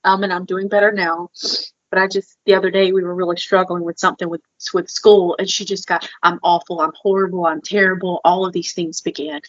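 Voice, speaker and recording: A woman's voice: medium pitch, a bit bright, lo-fi sound. Candid woman co-host, open and emotional. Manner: open, emotional, heavy filler "like". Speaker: podcast co-host. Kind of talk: candid personal conversation.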